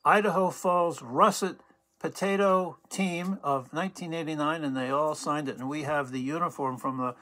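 A co-host in a casual museum video, showing items from the collection in a rambling, halting way with many fillers. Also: mid-range voice, a bit bright, rough recording.

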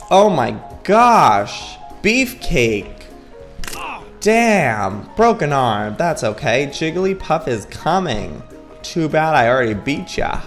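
A young man giving excitable, exclamatory commentary while playing a video game. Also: sits high. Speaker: gaming YouTuber.

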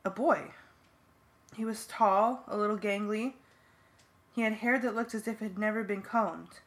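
A woman's voice: medium pitch, fairly even intonation, normal speed. A woman giving earnest first-person narration for a fan audiobook.

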